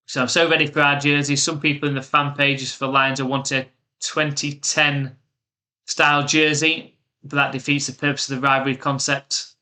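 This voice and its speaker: A man's voice: mid-range voice, little pitch movement, normal speed, bright, forceful tone. A man with an English accent from the UK, giving live play-by-play commentary and chatting casually with stream viewers.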